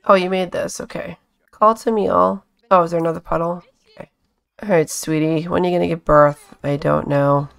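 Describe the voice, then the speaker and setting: A woman's voice: on the low side, steady tone, moderate pace, creaky. A woman hosting a casual let's-play, chatting along and coaxing her characters with pet names. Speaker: gaming channel host.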